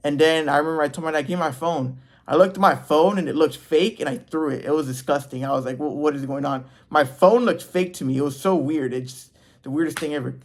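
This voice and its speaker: A man's voice: fairly high pitch, fast. A man in his twenties telling a personal story in a loose, rambling, self-interrupting way. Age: 20s. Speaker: vlogger. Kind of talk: casual storytelling to camera.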